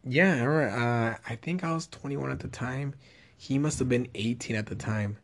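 A man's voice: mid-range voice, a little fast. A young man telling a rambling, profane story in casual chat.

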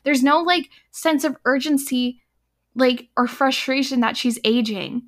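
A woman's voice: high-pitched, unhurried, fairly bright tone. A woman in her twenties chatting casually about a film, frank and full of fillers. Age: 20s. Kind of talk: casual film-review chat.

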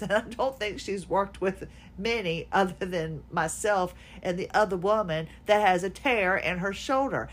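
A woman's voice: on the low side, a bit bright. A woman podcast host telling a story in an exasperated, sarcastic way, with laughs mixed in. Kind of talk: casual personal venting monologue.

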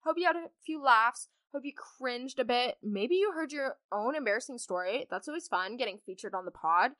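Bubbly, lively young woman podcast host. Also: fairly high pitch, normal speed, no room sound, studio quality. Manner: bubbly, chatty, rambling with many asides. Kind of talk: casual storytime chat.

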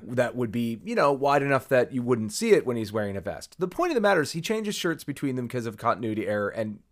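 Male podcast co-host, mid-pitched, casual and digressive, lots of ums and detail. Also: very animated, fast talker. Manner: detailed, digressive, with many fillers. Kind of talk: casual film discussion.

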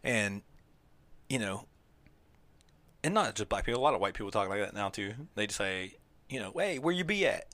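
A man co-hosting a loose, casual podcast chat. His voice is bright and forceful, and he rambles with plenty of "like" fillers. The sound is dry and close to the mic. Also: lowish voice, normal speed, long pauses, no echo. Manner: rambling, heavy use of "like" fillers. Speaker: podcast co-host.

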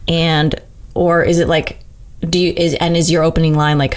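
A woman's voice: sits low, flat delivery, moderate pace. A woman singer-songwriter in a casual interview, talking through her craft candidly, swearing freely and laughing often. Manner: candid and profane, laughs often, talks through ideas aloud.

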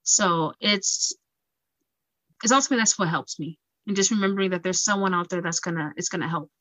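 A young woman from Equatorial Guinea, a pageant titleholder and singer, chatting in an interview with frequent laughter and animated storytelling. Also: lowish voice, brisk, no echo. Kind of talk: casual interview chat.

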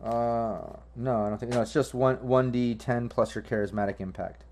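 Casting: relaxed rambling game master guy, mid pitch, lots of ums. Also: normal speed, a little hiss or hum. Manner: loose, rambling, frequent ums. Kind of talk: narrating a tabletop game.

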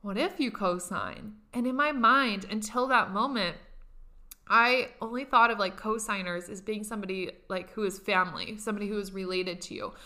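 A woman's voice: mid-range voice, pushed and bright. A young woman telling a personal story in a candid, profane, casual way, often laughing.

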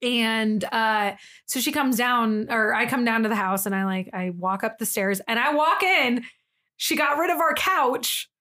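A young woman co-hosting a podcast, telling a story in casual chat, animated, laughing often and acting out the people in it. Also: on the high side, unhurried. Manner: animated, laughing, acts out quoted voices. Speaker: podcast co-host.

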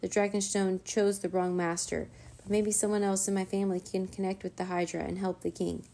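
A woman voicing a remorseful young girl dragon rider in a children's storybook reading, soft and apologetic. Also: mid-range voice, little pitch movement, brisk, gravelly, lightly acted.

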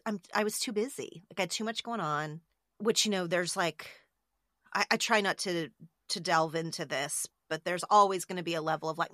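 A woman's voice: fairly low pitch, sharp tone, no room sound, studio quality. A middle-aged woman in a casual conversation, talking openly and with emotion, often restarting her sentences. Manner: candid, emotional, with many restarts. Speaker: podcast host being interviewed.

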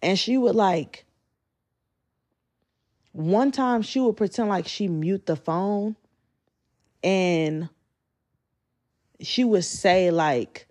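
A woman's voice: sits low, mellow. A woman, telling a candid, profane story and acting out quotes. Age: 20s. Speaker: storyteller vlogger. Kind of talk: casual storytime.

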